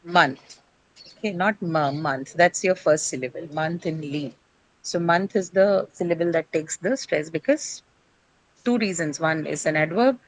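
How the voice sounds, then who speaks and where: A woman with a fairly low voice leads an English pronunciation lesson. She explains patiently, poses questions to her class and answers them herself, and often checks in with "right?". Her voice sounds dry and close, with no room echo. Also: measured pace. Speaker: English teacher.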